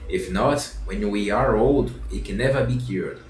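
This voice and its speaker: A man's voice: fairly low pitch, unhurried, a little mellow, close to an everyday voice. A man voicing a kind but stern fairy who acts as a mother, solemnly repeating her lessons in a storybook reading. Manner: solemn, repeats lines over. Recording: roomy echo, distant mic, faint music.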